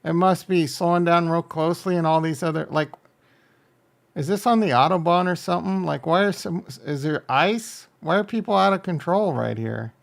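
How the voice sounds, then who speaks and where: A man's voice: on the high side, moderate pace, creaky. A man reacting to online videos, talking bluntly and joking crudely over the clips.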